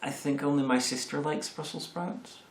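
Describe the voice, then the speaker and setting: A man's voice: on the high side, steady tone. Hesitant man, echoey room. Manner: hesitant, many "uh" pauses, jokey. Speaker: co-host. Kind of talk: casual chat.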